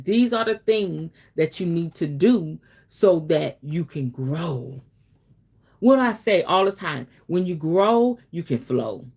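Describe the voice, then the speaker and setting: Woman host, lower voice, casual spiritual teacher, chatty and preachy. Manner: chatty, preachy, affectionate, says baby and okay often.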